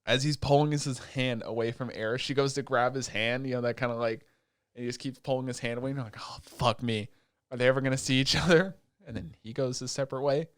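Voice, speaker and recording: Speaking fast and smoothly with fairly even intonation, a mid-range male podcast co-host runs through an anime recap. He swears freely and voices the characters' lines, and the studio-quality audio has no room sound.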